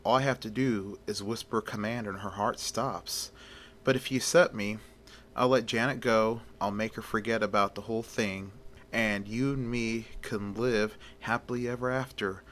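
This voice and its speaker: A man reading aloud and voicing a scheming vampire countess in a soft, low, threatening way. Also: steady tone, normal speed, slight background noise, close to an everyday voice. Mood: menacing. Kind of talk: amateur storytelling.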